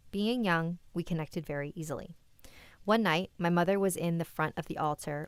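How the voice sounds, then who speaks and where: A woman with a slightly low, smooth voice reads viewers' scary stories aloud on a livestream. Between stories she turns candid and chatty, talking straight to the chat. Her voice sounds dry and close, with no room echo. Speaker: host and story reader.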